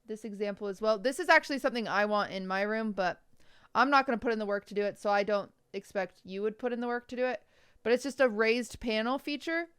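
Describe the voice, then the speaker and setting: A woman's voice: fairly high pitch, quick pace, a bit bright, smooth, dry recording, studio quality. A young woman streaming live, chatting casually and giving frank, blunt design advice, sometimes swearing for emphasis. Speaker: streamer reviewing viewers' bedrooms.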